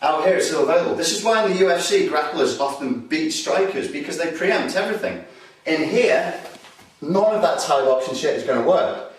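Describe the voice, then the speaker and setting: Guy teaching street fight stuff, kinda high voice, super echoey room, mic way off. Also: fairly quick, recorded from a distance. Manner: animated, acts out aggressive street talk with loud bursts. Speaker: self-defense instructor. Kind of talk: demonstration lesson. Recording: roomy echo, voice from off-mic.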